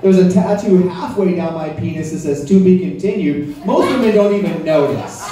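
Teasing the audience through a crude, chatty comedy routine, this club comic has a high-pitched, warm voice at an ordinary pace. It's captured from far off in a roomy space, with the crowd's laughter clearly heard.

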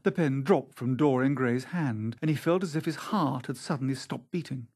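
A man narrating a classic novel aloud in a measured, expressive reading. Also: mid-range voice, husky. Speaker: audiobook reader. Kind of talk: scripted narration.

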